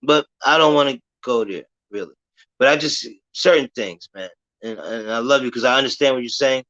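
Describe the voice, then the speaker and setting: Calm, lecturing man on lo-fi stream audio. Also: medium pitch. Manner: measured, lecturing, says he wants to stay calm and logical. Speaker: live stream host. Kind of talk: casual talk on a live stream.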